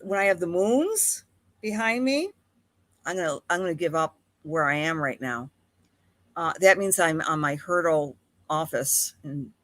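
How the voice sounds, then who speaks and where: This astrologer host, a Buffalo native with a Western New York accent, warmly chats through her live-streamed astrology session and welcomes viewers by name. Her voice sits on the low side and sounds a bit bright, with no echo.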